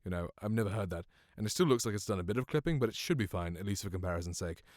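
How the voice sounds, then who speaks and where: A man's voice: on the low side, animated, rapid-fire, a little mellow, no room sound. A young British man reviewing a microphone in casual, rambling, self-deprecating talk, close on a studio mic at home. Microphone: studio condenser mic, close.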